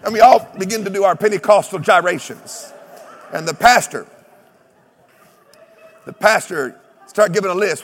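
A man preaching a sermon, telling stories with humor, mimicking other preachers and breaking into shouted exclamations. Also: high-pitched, normal speed, pauses often, big-room sound. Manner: animated storytelling with shouted exclamations.

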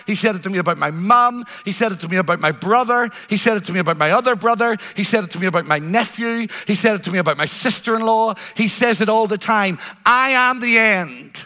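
A man's voice: sits high, sharp tone. A man preaching a sermon, earnest and emphatic, repeating phrases for weight. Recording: long hall reverb.

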